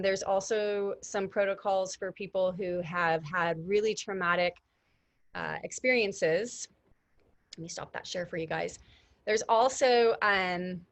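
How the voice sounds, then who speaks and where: A woman in her thirties talks through a casual online workshop, chatty and keen, often turning to her listeners. She stumbles over her words, with fillers and restarts, and sits at a middle pitch. Her voice comes across dry, with almost no room sound. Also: dry recording. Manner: enthusiastic, addresses listeners as "you guys". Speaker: workshop host.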